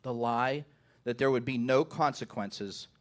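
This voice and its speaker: A man's voice: mid-range voice, measured pace. A man preaching a sermon to his congregation. He often repeats the first words of a phrase and keeps asking "right?". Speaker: pastor.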